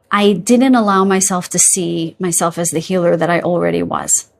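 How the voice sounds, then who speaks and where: A woman giving a casual tarot reading to her viewers, chatty and full of asides, often checking in with "okay?" and "you guys". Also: on the low side. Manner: yawns and laughs while talking. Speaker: tarot reader.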